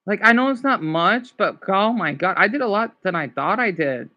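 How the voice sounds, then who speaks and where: A man's voice: high voice, expressive, normal speed, pushed and bright, dull audio. A man from Arizona, chatting casually with livestream viewers in a rambling, emotional, apologetic way. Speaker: livestream host.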